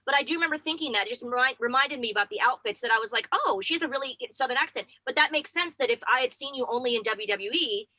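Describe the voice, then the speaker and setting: Co-host, woman, rapid and gushing, high bright voice, dry sound. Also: no echo, rough recording. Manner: fast, effusive, gushing. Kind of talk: casual chat.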